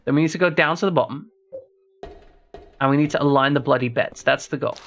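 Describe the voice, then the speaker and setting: Gravelly man thinking aloud as he plays. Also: mid-range voice, brisk, a bit bright, faint music behind. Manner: thinks aloud while solving a puzzle, chats to viewers. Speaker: streamer. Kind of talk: casual gameplay commentary.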